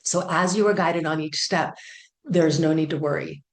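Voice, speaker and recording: A woman's voice: sits low, steady tone, normal speed, roomy sound. A woman talking casually and earnestly about channeled spiritual messages, with frequent fillers and repeated phrases.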